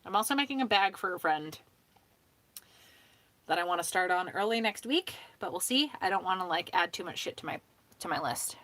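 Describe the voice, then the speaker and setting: A woman's voice: fairly low pitch, lively intonation, brisk, a bit bright, no room sound. A woman hosting a casual home stream, chatting in a rambling way, swearing freely and laughing often. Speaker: host of a sewing hangout stream. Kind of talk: casual chat.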